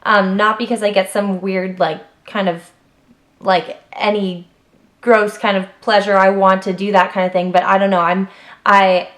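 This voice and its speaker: A chatty young woman talks straight to her camera, rattling through personal facts in an easy, unscripted way. Her voice sits at an ordinary middle pitch and leaps up when she gets worked up, with plenty of "like" and trailing asides. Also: unhurried. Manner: chatty and animated, lots of fillers, jumps up in pitch when emphatic. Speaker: vlogger.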